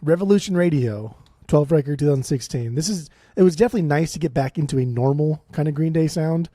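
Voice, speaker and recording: A man in his late thirties co-hosting a podcast, sarcastic and profane, tossing off quick dismissive quips. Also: on the high side, warm tone, no echo, studio quality. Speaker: podcast co-host. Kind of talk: casual podcast chat, ranking albums.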